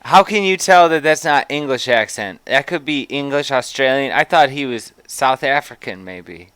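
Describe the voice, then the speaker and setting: A man's voice: medium pitch, lively intonation, moderate pace, fairly bright tone, clear, resonant tone, no room sound. A man from Chicago hosting a live stream, throwing in short jokey quips over a video. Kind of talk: casual reaction commentary.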